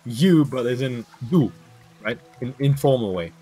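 Young man in a casual let's-play chat, lively pitch that leaps when he gets excited, joking and yelping over game music. His voice sits at a middle pitch otherwise. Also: a little slow, husky. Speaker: gamer.

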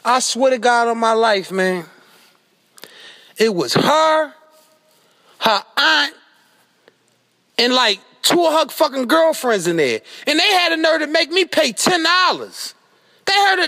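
Casting note: a Philly-man for a comedic rant, bright and tense, swearing nonstop, exasperated. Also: very high-pitched. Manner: animated, exasperated, swearing constantly, breaks into yelling. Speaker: comedic rapper doing an outro skit.

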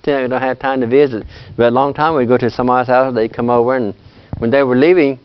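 A man teaching a language class, talking in a relaxed, chatty way and laughing often. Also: medium pitch, fast, clear, resonant tone, lo-fi sound. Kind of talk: classroom lesson.

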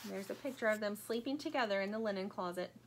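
A woman reading a children's storybook aloud in a gentle storytelling manner. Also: medium pitch, quick pace, slight background noise. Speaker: storybook reader.

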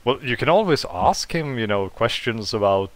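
A man narrating as game master for a tabletop game, unhurried and hesitant. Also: medium pitch, animated. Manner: unhurried, hesitant with many ums.

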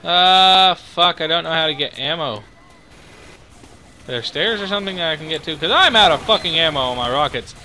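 A young man hosting his own channel, giving excitable, profanity-laden live commentary while playing a game. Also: fairly high pitch, normal speed, a little hiss or hum. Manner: excitable, swears a lot, reacts loudly. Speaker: gaming channel host.

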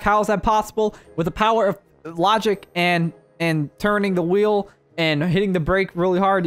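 A young man giving playful, jokey gameplay commentary as a YouTuber, breaking into high excited yelps. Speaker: gaming YouTuber.

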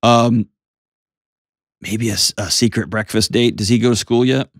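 A man with a fairly low voice hosts a call-in advice show. He coaches his caller in a direct, earnest manner. The studio sound is close and dry. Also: steady tone, moderate pace, dry recording. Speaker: host giving advice.

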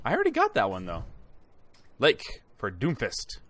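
A man giving excited, chatty commentary while opening game loot boxes, exclaiming loudly at good items and talking to his viewers. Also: lowish voice, moderate pace. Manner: chatty, addresses viewers as guys. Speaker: gaming YouTuber.

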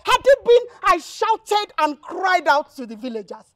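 A fiery young Nigerian village woman shouting and scolding in a very high, swooping voice. Her Nigerian accent is strong and her tone defiant. The sound is dry and close, like film dialogue. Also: very animated, unhurried, no room sound, full character voice. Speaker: village girl. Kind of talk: Nollywood film acting.

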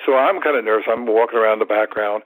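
A man in his seventies, a martial arts teacher, telling stories in an animated way in a podcast interview. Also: on the low side, fast, dry recording, low-quality recording. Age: 70s. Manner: animated storyteller, acts out quoted thoughts, repeats words.

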